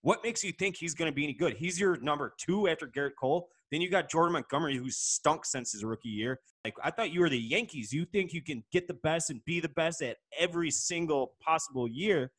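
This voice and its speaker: A man's voice: on the high side, fairly quick, hardly any pauses, fairly bright tone. A man co-hosting a podcast who rants with strong opinions and casual swearing. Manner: opinionated, ranting, profane. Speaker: podcast co-host.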